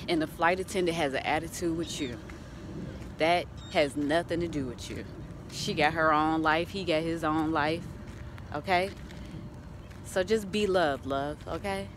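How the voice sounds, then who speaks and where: A woman's voice: lowish voice, noisy background. A woman giving casual motivational advice on her vlog, chatty and laughing often as she talks to her viewers. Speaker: vlogger.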